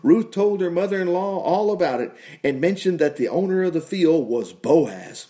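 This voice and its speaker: A man's voice: on the high side, animated, normal speed, dark tone. A middle-aged man preaching, reading scripture aloud with folksy asides and exclamations of praise. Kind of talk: folksy Bible-reading sermon.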